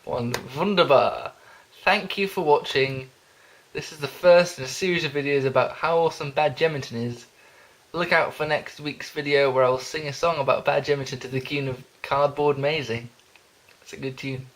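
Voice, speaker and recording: A young man reading a jokey self-introduction, rambling and giggling, with deadpan asides. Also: on the high side, moderate pace. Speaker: vlogger.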